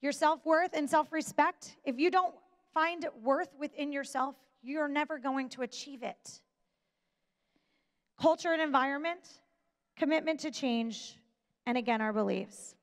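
A woman speaks in a high register, giving a motivational talk from a stage. Her delivery is deliberate and emphatic, with pauses that let key points land. A long reverb trails behind every phrase, as in a large hall.

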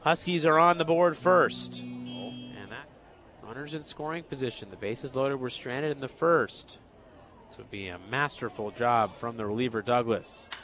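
A young man calling baseball play-by-play, excitable and rising to shouts on the big hits. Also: mid-range voice, unhurried, faint music behind. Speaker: radio play-by-play announcer.

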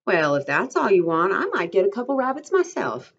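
A woman's voice: medium pitch, very animated, a little fast, creaky, breathy edge, voice pushed up, full character voice. A woman reading aloud, voicing a scornful, taunting young ranch wife in a dull lo-fi recording. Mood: teasing.

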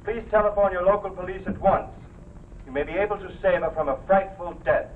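An actor playing a radio newscaster reading local news in an even, formal way, heard from a radio set. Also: male voice, sits high, a little fast, a little hiss or hum. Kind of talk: 1940s TV drama acting. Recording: tinny distant radio broadcast sound.

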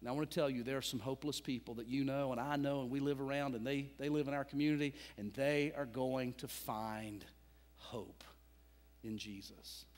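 A male pastor preaching a sermon, telling a story dramatically and swinging between loud and hushed. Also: medium pitch, fairly even intonation, normal speed. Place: church sanctuary. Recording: long church reverb.

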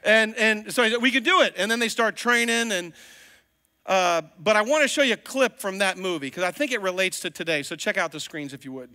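A man's voice: high voice, animated, brisk, bright, forceful tone. Joking, chatty male pastor. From Virginia, US. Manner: casual, joking and conversational. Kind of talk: sermon. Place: church sanctuary. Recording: long reverb of a church hall.

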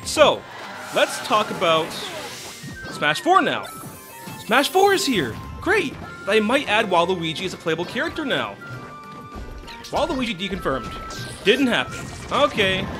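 A young man hosting a gaming let's play, ranting with exasperation and tossing in "right?" again and again. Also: sits high. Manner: animated, exasperated ranting with many "right?" asides. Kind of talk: ranting gameplay commentary. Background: game music.

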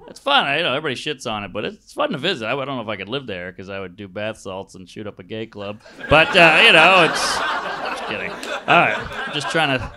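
A man's voice: medium pitch, sing-song, fairly quick, pushed and bright. A man doing improvised stand-up comedy on a club stage, working the crowd with blunt, crude, self-mocking jokes. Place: comedy club stage before a laughing audience. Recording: live club recording with audience noise.

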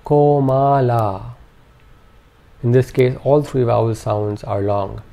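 A man's voice: fairly low pitch, fairly even intonation, moderate pace, creaky, dark tone. A man narrating a scripted language lesson, carefully enunciating each syllable and repeating words for practice. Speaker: language teacher.

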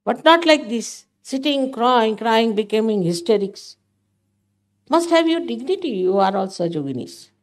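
A woman's voice: a little high, lively intonation, unhurried. An older woman giving a spiritual talk to her followers, emphatic and motherly, often scolding. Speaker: spiritual teacher.

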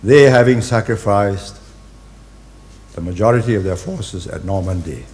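A man, giving a public speech in deliberate, halting phrases and hitting key words hard. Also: fairly low pitch, darkish tone, slight background noise. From Singapore. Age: 80s. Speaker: invited speaker.

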